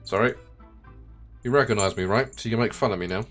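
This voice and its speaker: A man's voice: fairly low pitch, fast talker, fairly bright tone, soft background music. A man reading the lines of a bitter, self-pitying, middle-aged widowed farmer in a video game, resentful and defensive in tone. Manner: resentful, defensive, plain-spoken.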